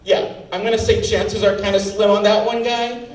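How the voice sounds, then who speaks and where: This comic's standup set is an outraged, profanity-filled rant delivered from a comedy club stage. He speaks at a moderate pace in a high voice with flat delivery, and the distant mic captures a roomy venue and faint ambience.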